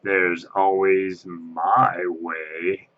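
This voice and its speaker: A man voicing a solemn, ghostly male ride host with a slow, ominous delivery. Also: sits low, little pitch movement, dull audio, pitched below the performer's own voice.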